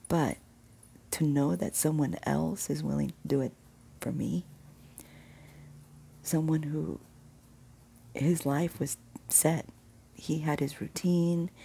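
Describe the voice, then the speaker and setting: A woman sharing a personal faith testimony, earnest and reflective, sometimes dropping to a whisper. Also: mellow. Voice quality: gravelly low voice. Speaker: Christian vlogger sharing testimony.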